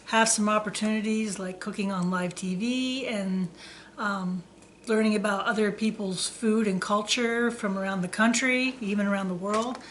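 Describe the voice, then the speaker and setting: A woman's voice: mid-range voice, steady tone, moderate pace, slight background noise. A woman who hosts a cooking channel, thanking her viewers and then reading a Christmas story aloud.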